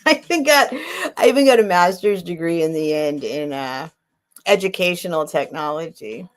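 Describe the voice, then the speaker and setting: A woman's voice: low-pitched, lively intonation, moderate pace. A middle-aged woman hosting a live sale stream, chatting casually, rambling with restarts and answering viewers' comments. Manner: rambling, restarts and trails off, reads and answers chat. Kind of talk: casual chat on a livestream.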